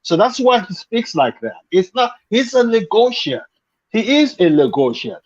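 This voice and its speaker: A man's voice: sits high, big pitch swings, normal speed, lo-fi sound. A man joining a casual panel chat over a video call, explaining things at length with many restarts and fillers. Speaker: panel guest.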